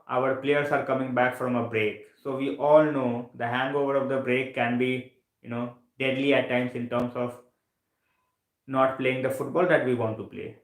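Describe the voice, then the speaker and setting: A man's voice: mid-range voice, fairly even intonation, normal speed, roomy sound, rough recording. A sleepy man hosting a late-night live stream, chatting casually, yawning, full of fillers and repeated phrases. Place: home room, late at night.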